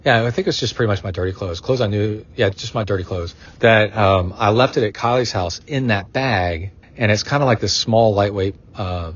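Middle-aged male podcast host, husky, rambling, casual, muffled lo-fi sound. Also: fairly low pitch. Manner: rambling, going off on tangents.

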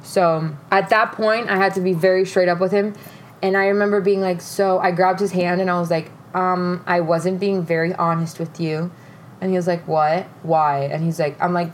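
A woman's voice: lowish voice, normal speed, slight background noise. Profane young woman telling a story. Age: young adult. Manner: candid, profane, animated retelling with quoted voices. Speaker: podcast host. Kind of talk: casual storytelling chat.

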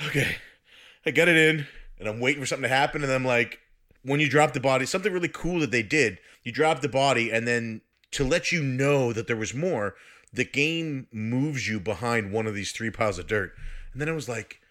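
Man, casual storyteller, bright forceful voice, animated and profane. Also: medium pitch, fairly quick. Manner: animated, swears, laughs through his story. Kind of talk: casual storytelling among friends.

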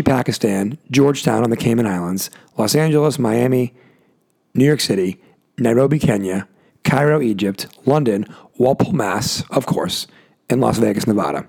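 A man's voice: mid-range voice, vocal fry, a little mellow. A man hosting his own podcast alone, rambling casually with joking asides, his voice worn out and tired. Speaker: podcast host. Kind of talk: casual solo podcast monologue. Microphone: adjusting a desk mic himself.

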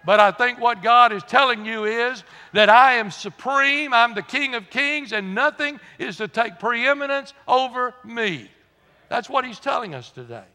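A man's voice: sits high, pushed and bright. An older man preaching a sermon as pastor, folksy and building to emphatic repeated lines. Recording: long hall reverb.

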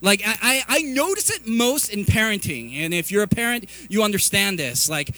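A middle-aged man preaching a sermon in an animated, confessional way, telling stories and restarting often. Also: high voice, normal speed, no echo. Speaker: pastor.

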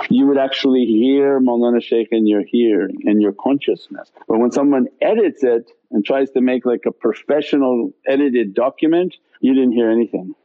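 A man gives a religious talk in a calm, unhurried way and answers questions, dropping in Arabic devotional phrases. His voice sits at an ordinary middle pitch for a man. The sound is thin and tinny, like it comes down a phone line. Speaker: Sufi teacher.

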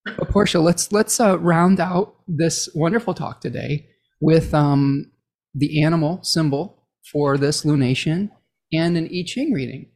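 A woman's voice: low-pitched, a little slow, a little mellow. Middle-aged woman, chatty podcast co-host, rambling astrology talk. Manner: rambling, chatty, laughs often. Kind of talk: casual astrology chat.

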